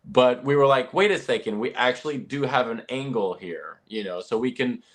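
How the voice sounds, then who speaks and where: A man's voice: medium pitch, moderate pace. A man on a live podcast talking hesitantly about a film in casual chat, with many fillers. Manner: hesitant, filler-heavy, laughs between phrases.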